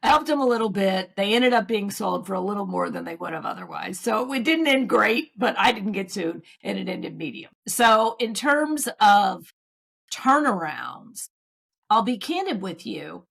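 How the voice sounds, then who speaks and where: Woman, middle-aged, podcast guest, animated storyteller, casual conversational tone. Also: medium pitch, normal speed, gravelly. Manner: lively storyteller who acts out what people said. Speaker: guest, author and sales consultant.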